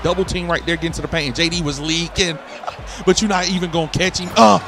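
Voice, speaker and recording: A man's voice: on the high side, fairly even intonation, brisk, a bit bright, slight background noise. Hyped young man calling a basketball game. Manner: hyped, hollers and laughs at big plays; casual slangy talk. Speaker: gaming YouTuber. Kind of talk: excited gameplay commentary. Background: game music.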